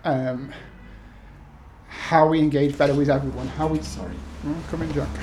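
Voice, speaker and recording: A man's voice: a little high, steady tone, normal speed, a little mellow, slight background noise. A man in his thirties from the UK, an author talking to an event audience with many ums and restarts, then reading his essays aloud. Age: 30s.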